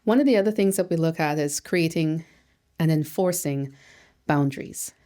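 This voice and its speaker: Lively lower-voiced woman therapist. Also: moderate pace. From Canada. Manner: lively, emphatic, uses rhetorical questions and acted quotes. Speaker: social worker and therapist. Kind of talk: educational talk.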